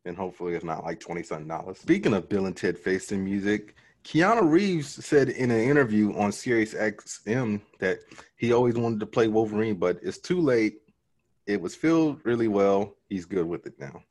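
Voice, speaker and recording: A man co-hosting a casual podcast chat in a relaxed way, reading news items aloud for discussion. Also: on the low side, normal speed. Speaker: podcast co-host.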